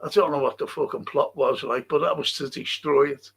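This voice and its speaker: A man's voice: fairly high pitch, fairly even intonation, a little fast, gravelly, husky. An older man hosting a livestream, rambling casually, swearing and chuckling as he reads out viewer comments. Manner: rambling and profane, chuckling often. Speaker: livestream host.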